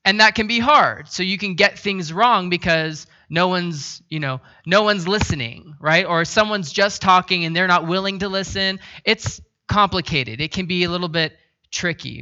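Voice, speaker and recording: A man preaching a sermon as a pastor, telling a self-deprecating story in a relaxed, conversational way. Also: high voice, moderate pace, muffled recording.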